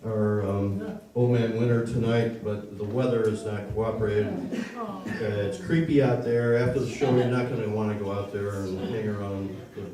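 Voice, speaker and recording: A man hosting a small concert series, telling a joke and making announcements with many ums and uhs. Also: fairly low pitch. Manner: rambling, halting with many fillers. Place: small concert venue with an audience. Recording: roomy live room recording from far off with crowd.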